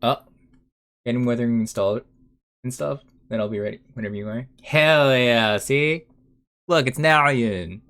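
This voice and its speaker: A man's voice: mid-range voice, moderate pace, fairly bright tone. A young man chatting casually while he draws on a live stream, rambling and muttering to himself with a self-mocking manner. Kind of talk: casual chat while drawing.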